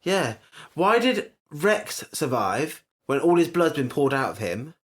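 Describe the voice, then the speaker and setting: A man's voice: on the high side, sing-song, unhurried, fairly bright tone. A man co-hosting a casual podcast with a playful, teasing manner, given to sing-song repetition. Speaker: podcast co-host. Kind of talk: casual chat.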